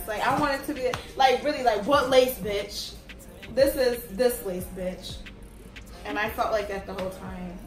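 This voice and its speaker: A young woman with a fairly high voice gives a blunt, cuss-heavy review, venting her frustration in a casual ramble. She sounds set back from the mic in an echoey room, with music playing clearly behind her. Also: far from the mic. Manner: blunt, profane, exasperated complaining. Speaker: wig reviewer.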